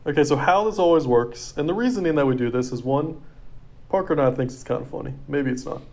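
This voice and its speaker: A man's voice: a little high, quick pace, vocal fry, a little mellow. A young man co-hosting a casual podcast chat, rambling and filling his sentences with "like". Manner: rambling, heavy use of "like". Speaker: podcast co-host.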